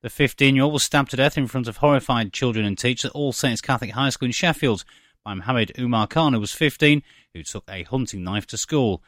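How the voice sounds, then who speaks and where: A man reading a scripted radio news bulletin in a measured, even delivery. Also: mid-range voice, no room sound, studio quality. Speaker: newsreader. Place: studio. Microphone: studio microphone.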